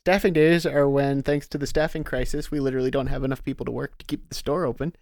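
A man co-hosting a podcast, chatting in an animated way and laughing often. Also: medium pitch, quick pace, dry recording, studio quality. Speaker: podcast co-host. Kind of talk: casual chat.

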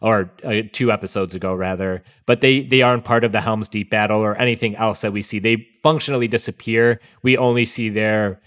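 Low-voiced man, relaxed podcast host. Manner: relaxed, measured, wry asides. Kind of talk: casual chat.

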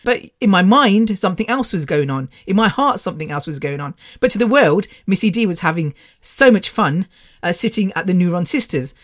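A woman's voice: fairly low pitch, animated, fairly quick. Middle-aged British woman, casual podcast host, rambling storyteller. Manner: chatty, rambling, laughs often. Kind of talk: casual personal monologue.

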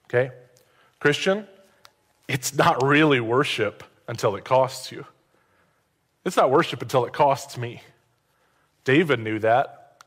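A male pastor delivers a sermon in an easygoing, conversational voice of ordinary pitch, slipping in playful asides. His voice rings out with a long hall reverb, as in a church sanctuary. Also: measured pace, pauses often, a bit bright.

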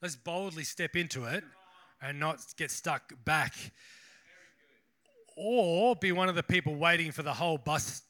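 A man's voice: on the high side, measured pace, bright, forceful tone. A man preaching a casual sermon as a pastor, chatty and rambling, with self-deprecating asides.

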